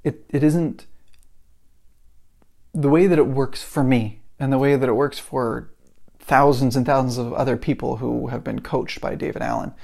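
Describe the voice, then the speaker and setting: A man with a gravelly, creaky edge to his voice hosts a solo podcast from his desk. He talks casually and rambles a bit, restarting his sentences as he works through his examples. His pitch sits in an ordinary middle range. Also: steady tone, moderate pace, darkish tone. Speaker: podcast host.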